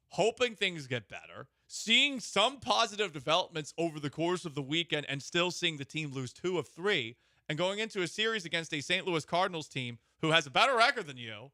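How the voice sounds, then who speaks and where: A male sports radio co-host with a very bright, forceful voice, a touch high for a man. He speaks in a measured way and pushes back with probing questions. The recording is dry and close. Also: dry recording. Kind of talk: sports talk discussion.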